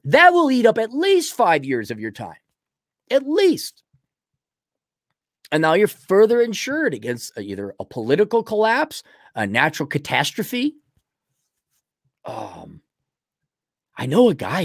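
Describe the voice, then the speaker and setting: A man's voice: on the high side, huge pitch swings, normal speed, no room sound, studio quality. A man giving a blunt, rambling, opinionated monologue in casual chat, acting out little dialogues with himself.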